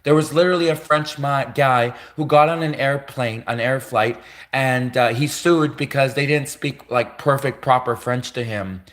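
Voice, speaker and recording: A man hosts a livestream in a heated rant. He circles back to the same points again and again, stressing them hard. His voice sits at an ordinary middle pitch for a man. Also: moderate pace, few pauses, fairly bright tone. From Canada. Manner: heated, repetitive, emphatic ranting. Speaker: livestream host. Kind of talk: ranting livestream commentary.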